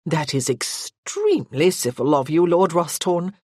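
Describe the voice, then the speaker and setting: A woman's voice: low-pitched, sing-song, a little slow, a little mellow, no room sound, studio quality, exaggerated voice. A narrator voicing an eager, middle-aged society mother who speaks effusively. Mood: gushing.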